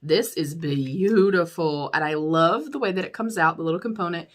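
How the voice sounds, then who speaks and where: At a moderate pace and fairly low pitch, a young woman from the United States chats openly while decluttering her makeup for her YouTube channel. She laughs a lot and addresses her viewers as y'all in this relaxed product review.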